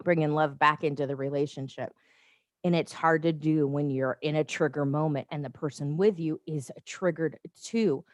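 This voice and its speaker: A woman's voice: low-pitched, dry recording, studio quality. Chatty woman livestreaming on her phone. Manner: chatty, rambling, laughs often, animated asides. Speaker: life coach livestream host. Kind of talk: casual livestream talk. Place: home, with noise outside.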